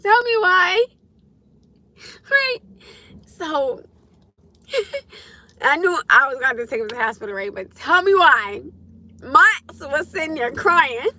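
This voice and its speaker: A woman hosting a livestream, telling a personal story in a casual, animated way with frequent laughter and cursing. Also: high voice, a little slow, pauses often. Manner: animated, laughing, swearing freely. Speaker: livestream host.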